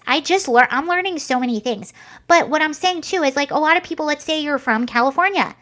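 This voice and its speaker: Chatty young woman vlogger, higher voice. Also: expressive, brisk, fairly bright tone. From United States. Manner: chatty, rambling, many fillers and restarts. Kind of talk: casual commentary to camera.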